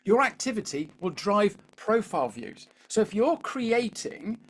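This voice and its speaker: A man's voice: sits high, big pitch swings, measured pace, a bit bright, slightly rough. Chatty British man coaching a webinar. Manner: chatty, keeps asking the audience "all right?". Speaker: LinkedIn coach. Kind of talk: live webinar coaching talk.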